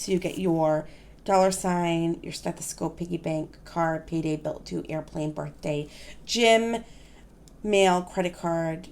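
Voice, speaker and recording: A woman chatting casually in an unboxing vlog, gushing with excitement, gasping and exclaiming softly as she shows off planner supplies at her desk. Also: lowish voice. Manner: gushing, excitable, frequent gasps and soft exclamations.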